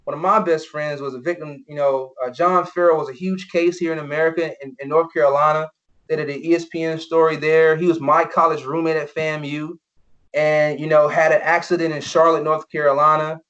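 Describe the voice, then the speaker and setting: A man's voice: fairly high pitch, level tone, a little fast, a bit bright. A young man, a former football player, telling personal stories as a podcast guest, earnest and full of "you know" fillers. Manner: earnest, many "you know" fillers, acts out quoted voices. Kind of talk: personal storytelling in an interview. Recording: dull lo-fi podcast audio.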